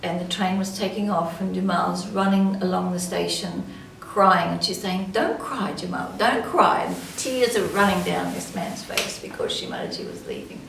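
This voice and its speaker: Gravelly woman telling a story, echoey. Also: on the low side, normal speed. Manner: lively, animated anecdote-telling. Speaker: interviewee. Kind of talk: storytelling reminiscence. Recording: echoey, distant, noisy.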